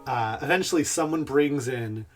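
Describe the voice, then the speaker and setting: A man narrating a tabletop game as game master, relaxed with many fillers, over faint music. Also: medium pitch, moderate pace.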